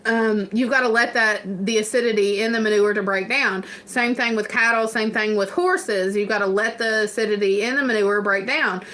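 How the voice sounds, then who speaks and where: A woman's voice: medium pitch, steady tone, normal speed, few pauses, fairly bright tone. A woman with a Kentucky accent hosting a farm livestream, chatting casually with viewers, laughing often and rambling through plenty of fillers. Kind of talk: casual live chat answering viewers.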